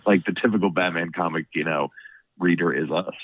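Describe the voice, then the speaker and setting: Hosting a casual podcast chat, this low-voiced man talks a little fast and rambles, padding his sentences with "you know what I mean" through a stuffed-up nose. The audio is dry, tinny, and phone-like, with no sense of the room.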